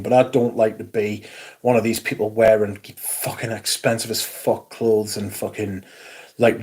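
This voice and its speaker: A man's voice: lowish voice, a little mellow. A man around forty with a Geordie accent, hosting a casual livestream and reading out chat comments in a blunt, sweary, dryly sarcastic way. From Newcastle, England. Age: 40s. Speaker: livestream host.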